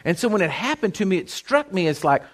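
A man preaching a sermon, animated and storytelling, breaking into sudden loud outbursts. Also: high voice, fast.

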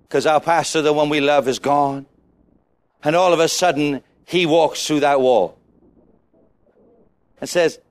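A man preaching a sermon, urging the congregation to shout back, with a playful manner and little acted-out scenes. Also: on the high side, clear, resonant tone. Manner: exhorting, calls on the congregation to shout.

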